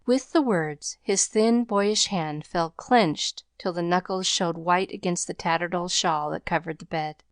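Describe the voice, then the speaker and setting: Woman audiobook narrator, lowish voice, measured storytelling, dry close sound. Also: dry recording. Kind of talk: scripted narration.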